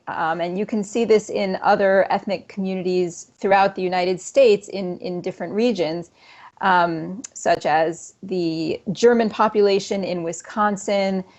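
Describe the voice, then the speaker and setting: A woman's voice: medium pitch, a little mellow. A woman, a professor, explaining linguistic points in an interview in a precise way, with occasional ums.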